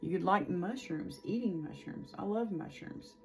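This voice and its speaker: A woman's voice: on the low side, moderate pace, darkish tone, faint music behind. A woman in her forties giving a casual, chatty tarot reading, rambling with lots of fillers. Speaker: tarot reader.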